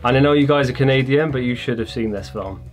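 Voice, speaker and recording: A man's voice: medium pitch, quick pace. Guy hosting a youtube game show, jokey, mid voice, bit of music under it. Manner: playful, jokey announcer.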